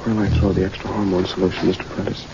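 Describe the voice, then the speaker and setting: A young lab assistant in a vintage radio drama, talking quickly in a lowish voice. The recording is muffled, with a faint hiss behind him. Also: male voice, little pitch movement, creaky. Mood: offhand. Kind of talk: 1950s radio drama acting. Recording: hissy dull old radio recording.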